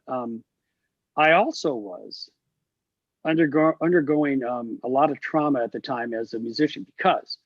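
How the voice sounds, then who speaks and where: This middle-aged man has a mid-range voice and appears as a guest musician in a casual interview over video call. He tells stories with animation, performing the voices of those he quotes; there's no room sound, but the audio is dull and lo-fi.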